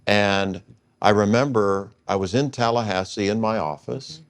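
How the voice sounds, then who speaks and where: A man in his sixties shares a personal story as an interview guest. His voice sits low, and he tells it at an easy pace. He acts out the lines he quotes from others. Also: normal speed. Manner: relaxed anecdotal storytelling with quoted dialogue.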